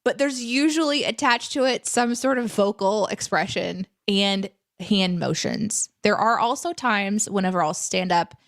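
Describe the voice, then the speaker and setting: A young adult woman chats animatedly while co-hosting a live stream from home. She reads viewer questions and tells stories with plenty of fillers, and her voice sits at a middle pitch. The sound is close and dry. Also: measured pace, few pauses, no echo. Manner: animated, chatty storytelling with fillers. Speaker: co-host. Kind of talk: casual live chat, reading viewer questions. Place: home room.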